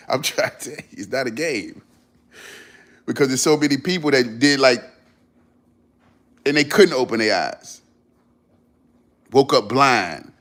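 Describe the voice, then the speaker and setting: A man's voice: medium pitch, lively intonation, slow pace, long pauses, fairly bright tone. A man hosting a livestream, giving an earnest motivational talk to his viewers, repeating his points for emphasis in casual slang. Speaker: livestream host.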